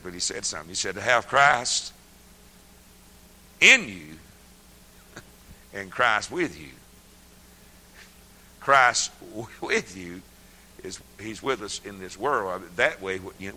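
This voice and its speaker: An older man preaching a sermon, folksy and laughing often, swinging from hushed murmurs to loud shouts. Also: low voice, slight background noise, rough recording.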